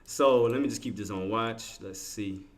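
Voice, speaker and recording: A man's voice: on the low side, moderate pace. A man streaming his live trades, thinking aloud in casual slangy talk and chatting with his viewers. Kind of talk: live trading commentary.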